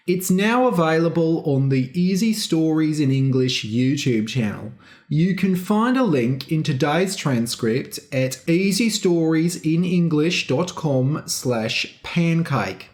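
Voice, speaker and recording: A podcast host with an Australian accent, tired and low on energy, reading a story aloud slowly and clearly for English learners, then talking to listeners. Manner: slow, deliberate and carefully clear.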